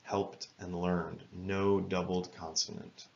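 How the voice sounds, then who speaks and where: A man with a low voice explains spelling rules as a patient teacher. He speaks slowly and carefully and spells words out letter by letter. The recording sounds a little dull. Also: little pitch movement, vocal fry, a little mellow. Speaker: English grammar teacher. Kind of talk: scripted lesson narration.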